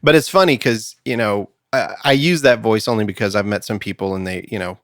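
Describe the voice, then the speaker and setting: A man's voice: on the low side, a little fast, fairly bright tone, dry recording, studio quality. A man hosting a casual Bible discussion podcast, chatty and laughing often. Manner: chatty, laughs often, puts on a Southern drawl for jokes. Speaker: podcast host. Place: studio.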